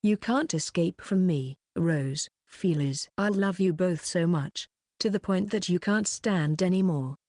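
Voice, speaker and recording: A woman reading the lines of a lecherous, cruel male lord in a low, dark voice with a gloating tone. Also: measured pace, dry recording, studio quality. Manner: gloating, leering.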